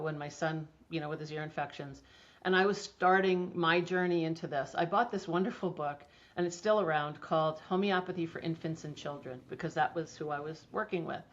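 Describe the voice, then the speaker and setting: A middle-aged woman guest talking enthusiastically about homeopathy in a casual interview, chatty with many restarts. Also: fairly low pitch. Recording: dull lo-fi audio.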